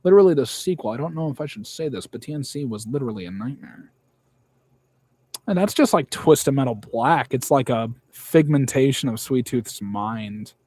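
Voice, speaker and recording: A man's voice: medium pitch, lively intonation, normal speed, a little mellow, dry recording. A young man in casual chat, blunt and rambling, swearing often.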